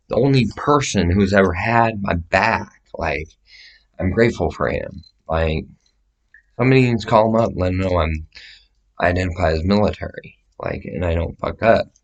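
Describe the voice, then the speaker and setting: Male, low register, loose and profane, meandering vlog monologue delivered to camera. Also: normal speed. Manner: profane, meandering, gestures while describing sizes. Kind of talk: rambling casual monologue to camera.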